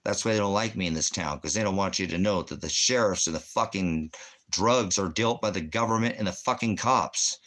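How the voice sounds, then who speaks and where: A man's voice: sits low, brisk, fairly bright tone. A man, a veteran and former police officer, ranting heatedly with constant profanity. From United States. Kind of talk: angry ranting monologue.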